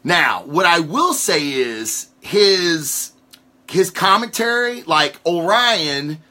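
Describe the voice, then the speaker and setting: A fairly high, bright-voiced man hosts a casual comic review show. His pitch swings widely as he rambles and swears through rants, loose and unscripted. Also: slow. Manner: swearing, rambling, animated storytelling. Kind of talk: casual ranting show commentary.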